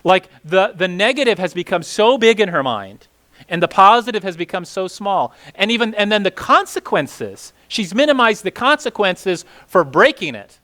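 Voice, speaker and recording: Lively high-voiced man teaching casually. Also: moderate pace. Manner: conversational, many "like" fillers and restarts; rhetorical questions to the group. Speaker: Bible teacher.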